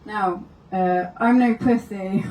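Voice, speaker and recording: A woman's voice: medium pitch, slow pace, a little mellow, roomy sound, recorded from a distance, rough recording. A woman doing stand-up, telling wry anecdotes and laughing through her stories at a live comedy venue. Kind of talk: stand-up storytelling.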